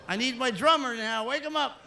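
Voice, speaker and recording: Guy doing standup on a cruise ship, high bright gravelly voice, faint room noise behind. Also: brisk. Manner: crowd work with put-on silly voices. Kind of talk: stand-up comedy to a live audience.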